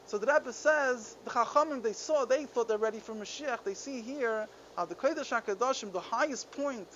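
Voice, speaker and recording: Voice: medium pitch, normal speed, a bit bright. A Torah teacher giving a Chassidic text class, explaining stories earnestly and often restarting mid-sentence. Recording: dull lo-fi recording with faint background noise.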